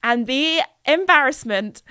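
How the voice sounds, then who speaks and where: A young woman hosting a podcast, telling a story in a chatty, self-mocking way and acting out her own lines in higher voices. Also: animated, measured pace, bright, forceful tone, no echo, studio quality. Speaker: podcast host. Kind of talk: casual storytelling monologue.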